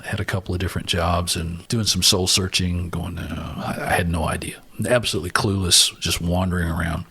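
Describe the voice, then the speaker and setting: A man's voice: low voice, gravelly, breathy edge. An older man, a former Marine aviator telling stories from his life as an interview guest, acting out the voices of other people. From Alabama, US. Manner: animated storyteller, acts out other voices. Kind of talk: storytelling interview.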